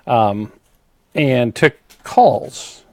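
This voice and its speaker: A man's voice: medium pitch, very slow, dry recording. A man co-hosting a podcast in casual chat, telling stories and acting out callers. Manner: animated storyteller, acts out callers. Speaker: podcast co-host.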